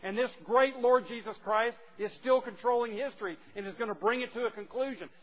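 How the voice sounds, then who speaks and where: A man preaching a sermon, emphatic and teasing, swinging from quiet asides to loud declarations. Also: very high-pitched, brisk. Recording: dull lo-fi recording with faint noise.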